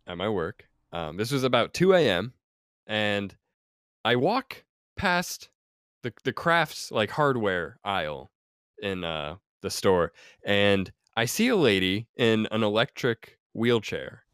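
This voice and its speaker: A man's voice: fairly low pitch, sing-song, takes it slowly, a bit bright, smooth, no echo, studio quality. A young man on a podcast, telling a work story in a laid-back, rambling way with lots of fillers. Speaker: podcast regular. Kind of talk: casual storytelling.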